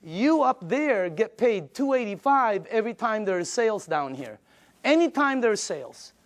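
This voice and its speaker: High-voiced energetic male sales presenter. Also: moderate pace. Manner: energetic, emphatic, chuckles between points. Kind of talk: sales pitch to a live audience.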